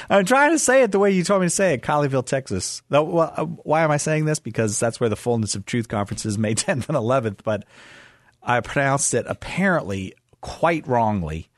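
A man's voice: on the high side, dry recording, studio quality. A man hosting a radio call-in show, chatting casually and playfully, teasing and laughing often. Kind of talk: casual joking chat with guest and callers.

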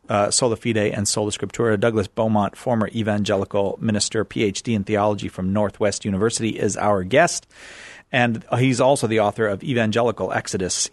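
A man's voice: lowish voice, dry recording. Rambling male call-in radio host. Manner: rambling, self-correcting with fillers and laughs. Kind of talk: casual call-in radio talk.

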